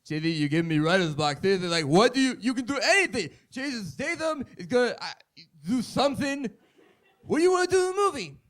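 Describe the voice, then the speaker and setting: A man voicing an exasperated male screenwriter in a comedy sketch, talking fast and loud. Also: very high voice, sing-song, voice pushed up, full character voice. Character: exasperated male screenwriter running a writers' meeting.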